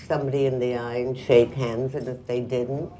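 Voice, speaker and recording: Very low-voiced woman, firm and plain. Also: little pitch movement, normal speed, mellow, slight background noise, low-quality recording. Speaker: guest. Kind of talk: casual conversation.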